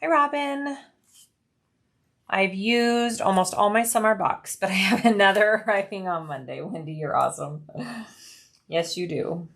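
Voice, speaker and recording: A woman's voice: medium pitch, moderate pace, creaky. A middle-aged woman hosting a casual livestream as she sews, chatting, explaining each step and reading out viewer comments. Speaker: live stream host. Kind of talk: casual livestream chat while sewing.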